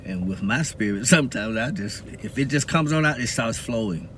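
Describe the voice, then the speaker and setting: A man's voice: mid-range voice, animated, moderate pace, fairly bright tone, slight background noise. A man from the Southern US talking to camera in a casual, preaching monologue and laughing often between points. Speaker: video blogger.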